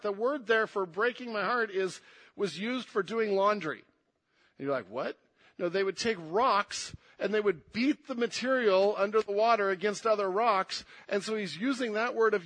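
A man preaching a sermon, moving between hushed and emphatic delivery and repeating words to press his points. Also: high-pitched, expressive, moderate pace.

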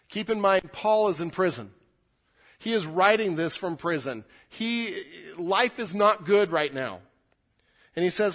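A middle-aged man preaching a sermon, swinging from loud, emphatic scripture reading to quiet, intimate asides, often repeating words as he restarts. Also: on the high side. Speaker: pastor.

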